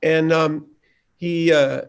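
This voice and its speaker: A man with a voice a little higher than most men speaks as a guest at a showrunner roundtable. He tells his story in a halting but animated way, full of stops and restarts. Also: vocal fry, smooth. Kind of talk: roundtable conversation.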